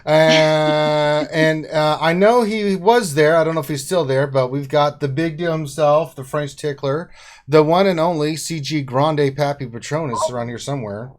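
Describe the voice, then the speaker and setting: Man, higher-pitched, upbeat stream host, jokey intros. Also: moderate pace. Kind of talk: casual livestream chat.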